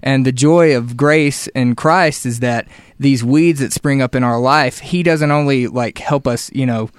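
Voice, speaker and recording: An earnest man co-hosting a studio radio show, talking in a mid-range voice. He works through his point slowly and carefully. The room sound is dry. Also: mid-range voice, clean tone, no room sound. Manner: earnest, unhurried, explains with examples. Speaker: co-host. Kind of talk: casual radio chat.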